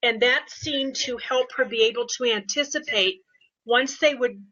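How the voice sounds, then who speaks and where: Bright-voiced older woman telling stories. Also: fairly high pitch, unhurried. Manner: animated storytelling with quoted voices. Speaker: behavior consultant guest. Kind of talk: casual podcast interview. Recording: dull lo-fi audio.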